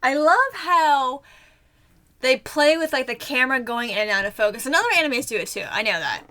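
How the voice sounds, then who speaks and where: Bright-voiced chatty young woman. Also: high voice, expressive, a little fast. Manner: chatty, giggly, trailing off into fillers. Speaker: anime reaction channel host. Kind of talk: casual reaction commentary.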